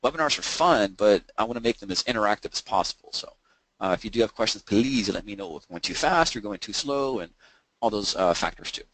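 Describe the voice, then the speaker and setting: A man's voice: fairly low pitch, animated, quick pace, fairly bright tone, no echo, rough recording. A man coaching traders in a webinar, explaining step by step in a conversational way, with frequent fillers and restarts. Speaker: trading coach presenting a webinar. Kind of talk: webinar presentation.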